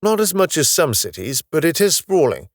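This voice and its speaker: A man voicing a calm, knowledgeable male space officer from the far future who patiently explains his world with a wry touch. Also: a little high, moderate pace, dry recording, studio quality, pitched above the performer's own voice. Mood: explaining.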